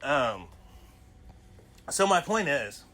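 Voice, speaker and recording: A man with a bright, forceful voice talks through personal stories in a loose solo podcast. He rambles and keeps dropping "you know" between his thoughts. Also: a little high, sing-song, drawn-out words. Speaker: podcast host. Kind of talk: casual personal storytelling monologue.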